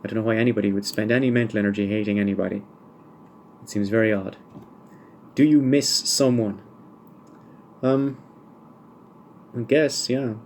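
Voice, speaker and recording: A man's voice: lowish voice, steady tone, fairly quick, pauses often, a little mellow, slight background noise. A man hosting a solo podcast, answering listener questions one by one with dry, wry humour and rambling asides. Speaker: podcast host.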